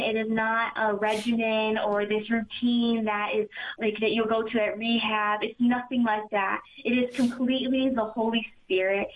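An earnest young woman tells her faith testimony quickly, her voice sitting a little high. The sound is thin and tinny, as if heard over a phone. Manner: earnest, quick, often says "super" and "like". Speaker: community member giving testimony.

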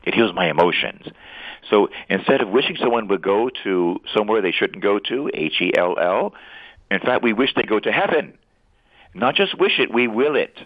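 A man, a priest, preaching earnestly on a radio talk show, animated with playful asides. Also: fairly low pitch, a little fast, dry recording. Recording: tinny phone line, dry.

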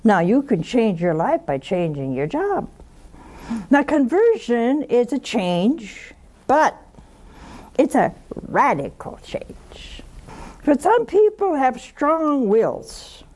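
Slow, mellow older woman teaching. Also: a little high, sing-song. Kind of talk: spiritual teaching.

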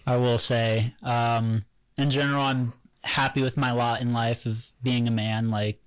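A man's voice: medium pitch, little pitch movement, measured pace, clear, resonant tone, dry recording, rough recording. A man on a casual faith podcast, talking in a wry, reflective way. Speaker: podcast co-host.

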